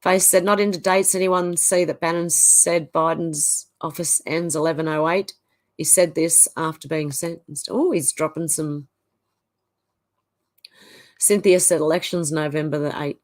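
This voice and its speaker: Speaking low and at a measured pace with fairly even intonation, this Australian livestream host reads out comments from viewers. She responds to each in a relaxed, chatty manner.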